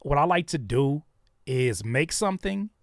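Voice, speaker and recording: Male host, live-stream commentary, lively swooping pitch, dry close sound, slangy and emphatic. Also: measured pace, no room sound. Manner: animated and slangy, repeats phrases for emphasis; acts out other people's remarks in shifting voices. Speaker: rapper and producer hosting a live stream.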